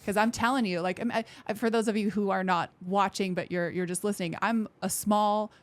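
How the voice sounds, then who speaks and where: A woman veteran speaking as a podcast guest in casual interview talk, candid and expressive, acting out quoted thoughts in lively voices and swearing now and then. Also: mid-range voice, fairly quick. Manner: frank, with occasional swearing.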